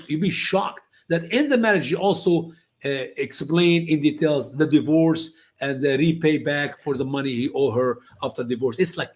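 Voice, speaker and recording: Emphatic man, high voice, English. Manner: non-native English, emphatic, acts out quoted voices high. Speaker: guest answering questions. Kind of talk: animated storytelling answers.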